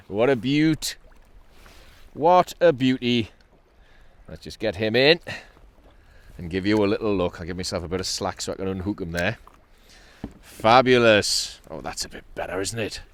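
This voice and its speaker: A middle-aged kayak angler and channel host from North East England narrates his own sea fishing in a Geordie accent, cheerful and chatty, breaking into laughs and exclamations. His voice is deep and fairly bright, at a moderate pace.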